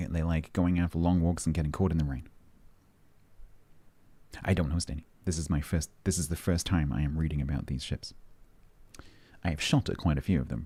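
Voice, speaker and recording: A man's voice: rumbling low, dark tone, breathy edge. A man streaming a game, chatting casually with his chat and reading update notes aloud, breaking off to joke and answer questions.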